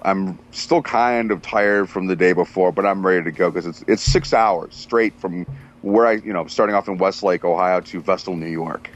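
A truck driver with a fairly low voice chats casually, spinning stories full of constant cursing. He's animated and profane, acting out what people said in quoted voices. The recording has its high frequencies cut off.

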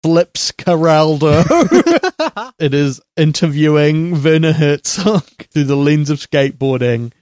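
A man hosting a casual film podcast, chatty, with quick asides and jokes. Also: a little high, animated, darkish tone, dry recording, studio quality. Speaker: podcast host.

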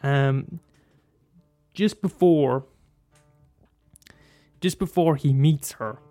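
A man with a slightly high, mellow voice draws out his words over soft background music. As a film commentator, he talks casually about a favourite film in a monologue. He rambles and restarts, swearing and laughing along the way.

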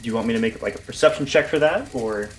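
A man's voice: mid-range voice, quick pace. Man, tabletop player, hesitant, lots of fillers, faint noise. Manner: hesitant, searching for words, lots of "um" and "like". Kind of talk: tabletop game talk.

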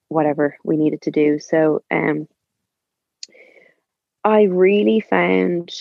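A woman's voice: sits low, creaky, dry recording, dull audio. A woman telling a personal story in a chatty, rambling way, full of fillers. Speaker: guest. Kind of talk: casual storytelling.

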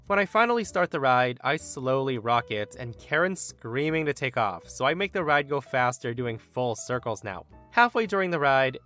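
A male podcast host reading internet stories aloud with an animated, expressive delivery. His voice is bright and sits a little high, and it swings widely in pitch. Soft music plays faintly underneath. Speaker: story narrator and podcast host.

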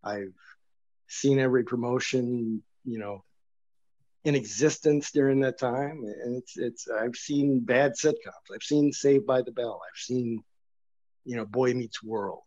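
A man's voice: mid-range voice, fairly even intonation, a little slow, dark tone, dry recording, lo-fi sound. A middle-aged man talking as an author guest in a casual interview, blunt and sardonic, often mocking himself.

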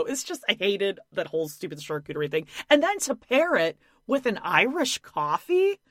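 A woman's voice: medium pitch, moderate pace, hardly any pauses, no room sound, studio quality. A woman co-hosting a podcast, recapping a reality show in blunt, mocking casual chat. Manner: blunt, animated and mocking, with lots of swearing and laughter. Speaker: podcast co-host.

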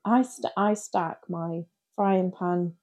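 Speaking slowly in a lowish voice, this podcast co-host shares stories during relaxed conversation. She's an animated storyteller who laughs a lot.

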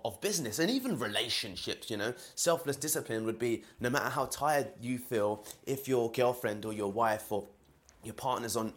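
A man with a London accent hosts a solo podcast from home. He rambles through his thoughts with plenty of fillers and false starts. His voice sits at an ordinary middle pitch. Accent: London English. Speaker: podcast host. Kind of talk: casual solo podcast monologue. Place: indoors in a home kitchen while boiling eggs.

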